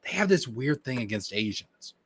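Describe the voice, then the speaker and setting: A man with a mid-range voice talks through a stream clip in lively reaction commentary. His pitch swings up and down as he gets excited, and he swears and mocks freely. The recording is close and dry. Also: moderate pace, slightly rough, dry recording. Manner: excitable, profane, mocking.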